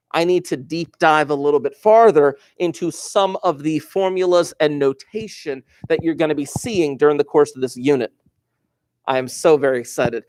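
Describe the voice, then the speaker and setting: Middle-aged male teacher, rambling and upbeat, somewhat high-pitched, lecturing a class. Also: darkish tone. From New Jersey. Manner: chatty, enthusiastic, wandering asides. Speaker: high school math teacher.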